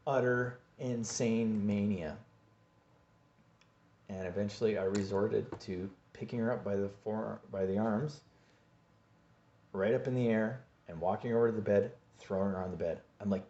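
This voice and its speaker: Low-voiced man telling a personal story, lo-fi. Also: warm tone, a little hiss or hum. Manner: halting, repeats words, acts out his own pleas. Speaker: vlogger. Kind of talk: personal story told to camera. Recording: dull lo-fi recording.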